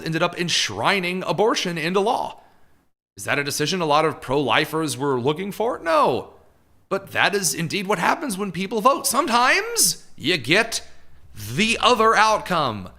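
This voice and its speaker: A man's voice: fairly high pitch, big pitch swings, normal speed, sharp tone. A man hosting live political commentary, talking in a sarcastic, mocking way.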